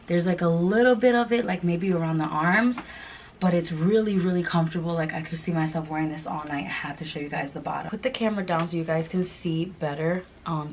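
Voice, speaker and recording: A woman's voice: on the low side, darkish tone, slight background noise, poor audio. A woman chatting through a clothing try-on haul, gushing and chatty with lots of fillers. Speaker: fashion vlogger.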